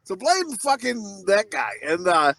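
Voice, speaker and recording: A man co-hosting a casual podcast chat, telling crude, rambling stories with frequent laughter. His voice sits high and bright, swinging widely in pitch as he acts out reactions. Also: a little slow, creaky, no room sound. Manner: animated voices in quoted reactions. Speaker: podcast co-host.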